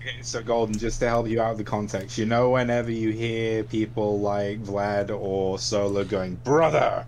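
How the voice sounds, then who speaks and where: A man on a voice call, explaining things in a measured way. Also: on the low side, level tone, a little mellow, a little hiss or hum. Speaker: guest on a voice call. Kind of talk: casual chat.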